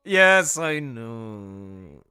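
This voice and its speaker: A man streaming live and chatting casually, excitable, laughing often and trailing off mid-sentence. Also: medium pitch, drawn-out words, smooth. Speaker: streamer and artist. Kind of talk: casual livestream chat.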